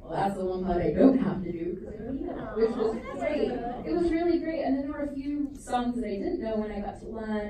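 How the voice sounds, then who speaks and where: A woman's voice: medium pitch, background noise. A young woman with an Australian accent, talking in a chatty, self-deprecating way with lots of fillers as a guest at a Q&A. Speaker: guest actress. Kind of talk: casual Q&A talk. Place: theater stage. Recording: echoey theater from far off with audience.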